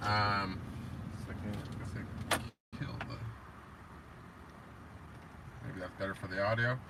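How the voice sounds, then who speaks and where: A man hosting a casual livestream, chatting loosely and swearing, sometimes talking to his dog in a high excited voice. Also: normal speed, vocal fry, a little hiss or hum. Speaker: livestream host. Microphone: tablet built-in mic.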